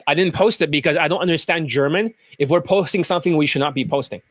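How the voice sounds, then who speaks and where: A male dating coach rants bluntly and combatively, swearing freely as he picks apart clips. His voice sits on the higher side for a man. The sound is close and dry, with no room around it. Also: quick pace, no room sound. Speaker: dating coach and channel host. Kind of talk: ranting commentary over clips.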